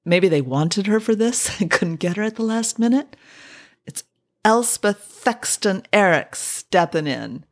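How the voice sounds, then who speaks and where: A woman hosting a podcast, chatting wryly about an old radio drama with many drawn-out "oh"s. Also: medium pitch, lively intonation. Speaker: podcast host.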